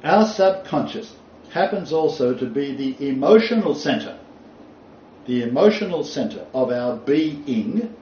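A man's voice: medium pitch, expressive, a little slow, warm tone, a little hiss or hum. A man teaching a Bible lecture to a small group, speaking emphatically and repeating his key phrases for weight. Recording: roomy, distant, dull lo-fi recording.

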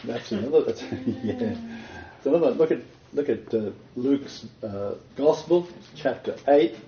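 Animated man teaching a Bible study. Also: mid-range voice, a little slow. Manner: animated, quizzes the group, laughs often. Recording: roomy dull lo-fi recording.

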